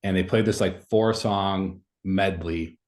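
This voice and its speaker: A man in his thirties with a fairly low voice talks through a story in relaxed podcast chat. He rambles and scatters fillers all through his sentences. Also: takes it slowly. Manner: rambling, many fillers like "like" and "you know". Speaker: podcast guest. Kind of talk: casual conversational storytelling.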